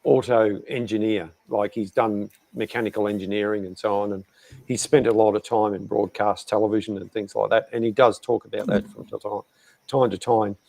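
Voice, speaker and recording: A man's voice: fairly low pitch, little pitch movement, moderate pace, gravelly, darkish tone. A man with an Australian accent, co-hosting a podcast in rambling casual chat with many fillers. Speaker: podcast co-host.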